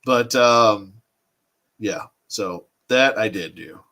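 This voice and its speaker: A man's voice: on the low side, slow pace, bright, forceful tone. A man in his thirties hosting a casual livestream, rambling and thinking aloud as he answers his chat. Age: 30s. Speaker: toy collecting livestream host.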